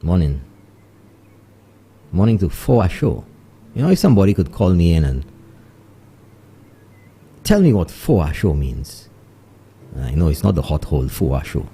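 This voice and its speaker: A man's voice: deep voice, sing-song, measured pace, pauses often, mellow, breathy edge. A man with a Saint Lucian accent hosting a live morning show, chatting loosely, slipping into Creole phrases and greeting listeners place by place. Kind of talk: live morning radio chat with listener shout-outs.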